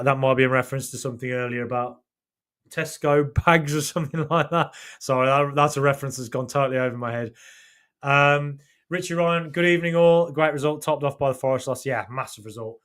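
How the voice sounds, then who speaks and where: A man's voice: medium pitch, a bit bright. A man hosting a live fan podcast, reading viewer comments aloud and chatting about them casually, with many fillers and restarts. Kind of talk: casual live-stream chat.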